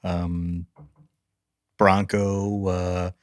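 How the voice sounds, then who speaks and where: A man co-hosting a casual podcast, easygoing and brief, pausing with small fillers. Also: sits low, level tone, no echo, studio quality. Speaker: podcast co-host.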